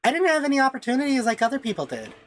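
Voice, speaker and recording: Woman voicing a bitter young witch, raised pitch, defensive game dialogue. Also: very animated, very fast, a little hiss or hum.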